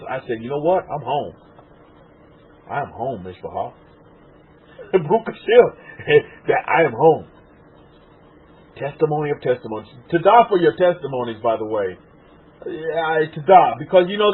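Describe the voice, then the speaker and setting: A tearful man from Texas preaches in a fervent rush, jumping from loud cries to soft murmurs. His voice sits high and husky. The sound is thin and tinny, like a phone line. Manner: fervent, swings from loud exclaiming to hushed murmuring. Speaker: rabbi. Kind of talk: emotional sermon to an online congregation.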